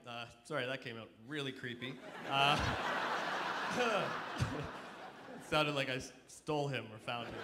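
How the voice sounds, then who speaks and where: A man performing a stand-up comedy set on stage, telling self-deprecating stories and acting out quoted voices loudly. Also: fairly high pitch, slow, pauses often, noisy background. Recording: live stage in a reverberant hall.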